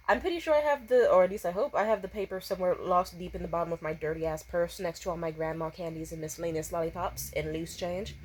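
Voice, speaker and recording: A young woman rants her way through a personal story in a loose, casual vlog voice. She swears constantly and stays animated throughout. She slips into exaggerated voices whenever she quotes someone. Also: fairly high pitch. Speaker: storytime vlogger.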